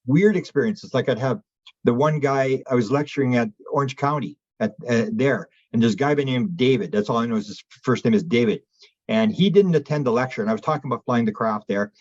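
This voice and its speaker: A husky man talks at a quick clip through a dull, lo-fi recording. He is an interview guest who rambles from one anecdote to the next and jumps up in pitch to act out the people he quotes. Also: a little mellow. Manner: rambling, acts out quoted people in raised voices. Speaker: interview guest, UFO researcher. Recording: dull lo-fi audio.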